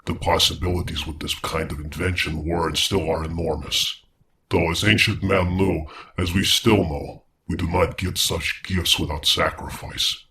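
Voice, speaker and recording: A man's voice: deep voice, steady tone, normal speed, background noise. A man voicing an erratic, vengeful male scientist in a horror audio story, using a put-on British accent. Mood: grave. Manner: grave, erratic, swings to frantic outbursts.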